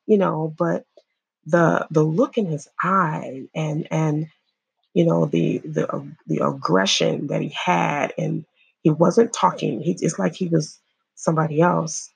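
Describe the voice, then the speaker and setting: A woman from Illinois giving earnest personal testimony, halting and repeating herself as she speaks to viewers. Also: sits low, steady tone, vocal fry, breathy edge, dry recording. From Illinois, USA. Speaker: survivor sharing her story.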